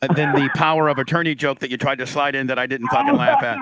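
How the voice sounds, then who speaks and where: A man's voice: on the high side, very animated, fast, a loud crowd, low-quality recording. A man hosting a radio show, talking in brash, profane, boisterous banter.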